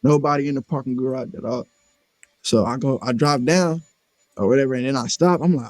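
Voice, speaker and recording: A man in casual conversation tells a long story with lots of cursing and street slang. His voice sits at an ordinary pitch, and the recording is close and dry, with no room sound around it. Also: brisk, no room sound. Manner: animated, profane, slangy retelling; acts out quoted voices.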